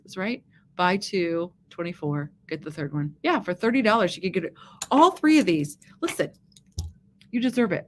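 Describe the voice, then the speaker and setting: A woman's voice: on the low side, a little hiss or hum. A woman giving a chatty live makeup demonstration, often checking in with her viewers. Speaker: makeup presenter on a live stream.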